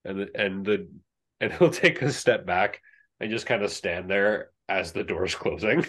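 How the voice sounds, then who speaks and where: A man's voice: lowish voice, unhurried, a bit bright. A man narrating as game master of a tabletop game, rambling with lots of fillers.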